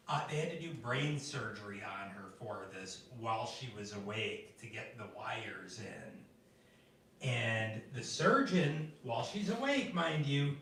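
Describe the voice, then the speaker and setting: A man doing stand-up at an open mic, telling stories in an animated way and jumping into high voices for the people he quotes. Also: a little hiss or hum. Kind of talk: stand-up storytelling. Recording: echoey room, from a distance.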